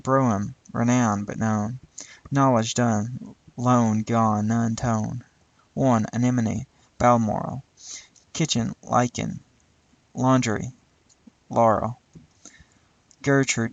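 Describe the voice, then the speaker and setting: A man reading a poem aloud slowly and deliberately, now and then stumbling and laughing at tricky words. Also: medium pitch, creaky, no room sound, low-quality recording. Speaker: reader.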